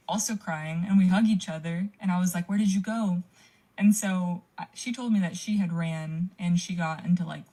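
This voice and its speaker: A woman's voice: lowish voice, dark tone. A young woman telling a frightening personal story in a casual way, with lots of "like" and swearing. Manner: frequent "like" fillers, swearing. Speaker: caller sharing a story.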